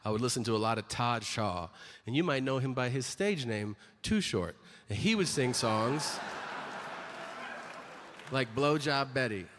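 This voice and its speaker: A man's voice: mid-range voice, expressive, unhurried, pauses often, fairly bright tone, slight background noise. A middle-aged man performing a stand-up comedy set, telling crude stories and acting out other people's voices. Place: large venue stage before an audience. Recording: reverberant hall with faint crowd ambience.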